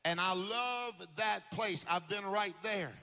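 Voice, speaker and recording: A man preaching a sermon in church in a sing-song cadence that climbs into shouts. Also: high voice, takes it slowly. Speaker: pastor. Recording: long hall reverb with faint music.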